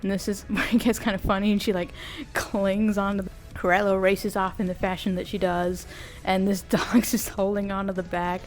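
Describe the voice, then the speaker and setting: Animated woman recapping a cartoon. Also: mid-range voice, moderate pace, soft background music. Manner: animated, amused, often laughing; slangy, conversational. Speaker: video creator. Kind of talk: casual cartoon recap while drawing.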